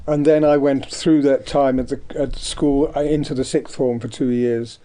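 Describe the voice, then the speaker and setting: Older Devon-raised man, mellow tone, anecdotal radio guest. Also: medium pitch, little pitch movement, moderate pace. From Devon, England. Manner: rambling, anecdotal, many ums. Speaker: guest, artist. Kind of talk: radio interview chat. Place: radio studio.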